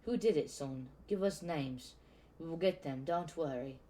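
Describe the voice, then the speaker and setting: A man voicing a blustering, bad-tempered middle-aged man with a gruff, barking delivery. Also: a little high, unhurried, warm tone, lightly acted. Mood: angry.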